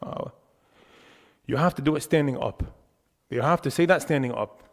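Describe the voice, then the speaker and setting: Speaking at normal speed in a creaky, mid-range voice, a young man teaches a religious lesson about worship inside a mosque. He's emphatic and animated, leans on filler words, and the hall around him echoes noticeably.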